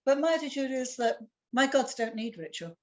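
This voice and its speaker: A woman's voice: sits high, a little fast, highs cut off. A woman in her seventies, a guest on a video call, telling stories in a blunt, playful way. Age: 70s. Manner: blunt, lively, playful storyteller. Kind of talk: casual storytelling on a video call.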